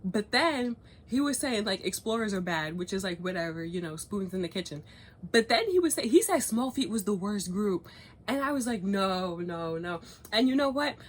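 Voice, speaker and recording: Young woman chatting on her vlog, kinda husky, voice swings all over, swears a lot. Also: mid-range voice, fairly quick. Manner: animated, swears freely, laughs often. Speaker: vlogger. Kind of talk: casual chat, cookie review and gossip.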